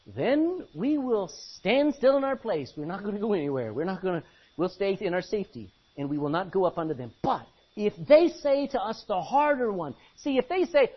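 A man preaching a sermon in an animated way, acting out Bible scenes as he goes. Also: high-pitched, fairly quick, slightly rough. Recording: dull lo-fi recording.

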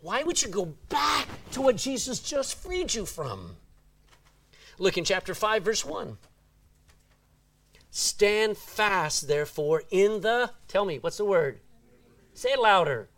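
A man's voice: sits high, huge pitch swings, unhurried, a bit bright. A man preaching a sermon, reading scripture aloud and asking the congregation "Amen?".

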